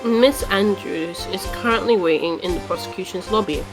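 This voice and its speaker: A woman's voice: medium pitch, normal speed, lightly acted. A woman reading a smug, haughty male prosecutor aloud on a stream, with game music behind.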